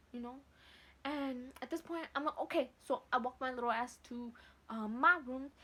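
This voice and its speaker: A woman's voice: fairly high pitch, breathy edge. A young woman vlogger casually telling a long personal story, acting out the other voices and swearing freely. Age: young adult. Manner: animated, acts out voices, swears freely, mixes Spanish.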